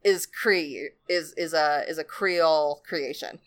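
A woman's voice: deep voice, takes it slowly. A woman in casual chat, retelling folk tales in a rambling, laid-back way.

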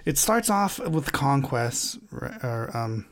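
Man, casual movie chat, rambling and halting delivery, swears a lot. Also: mid-range voice, sing-song.

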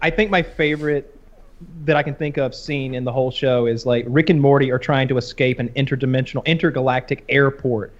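A man's voice: medium pitch, brisk. A man co-hosting a podcast in casual chat, telling stories animatedly. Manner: animated storyteller, acts out cartoon voices. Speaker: podcast co-host. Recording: slightly dull lo-fi sound.

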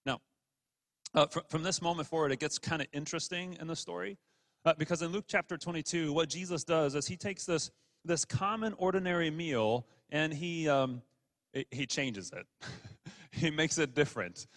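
A pastor preaching a sermon in a relaxed, conversational way, often stumbling over and repeating his words. His voice sits a little high for a man. The sound rings out with a long reverb, like a large church hall. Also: moderate pace.

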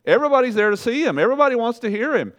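Animated preacher man with big swings. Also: very fast. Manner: animated preaching, rising loud on questions and dropping low and soft for emphasis; conversational, talks straight to the congregation. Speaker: pastor. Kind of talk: sermon.

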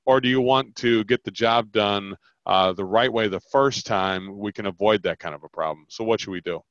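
A man's voice: on the low side, moderate pace, no room sound. A man coaching a caller on sales, acting out both sides of the conversation. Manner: animated, acts out both sides of a sales call. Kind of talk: coaching call, role-playing sales talk. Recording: dull lo-fi call audio.

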